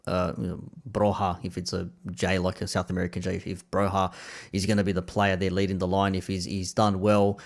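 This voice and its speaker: An Australian man, a guest on a football podcast, thinking aloud in a halting way with frequent restarts. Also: deep voice, monotone, vocal fry. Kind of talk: casual football podcast chat.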